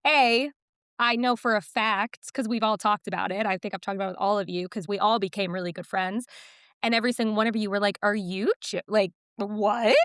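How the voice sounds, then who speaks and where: A woman in her thirties co-hosting a podcast, talking candidly and self-deprecatingly about her fears, lively when she quotes herself. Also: mid-range voice, fast, clear, resonant tone, no room sound, studio quality. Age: 30s. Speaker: podcast co-host. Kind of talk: casual chat.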